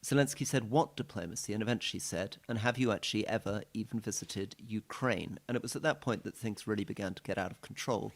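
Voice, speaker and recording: A British man co-hosting a political podcast, recounting events in a measured way. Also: on the low side. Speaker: podcast co-host.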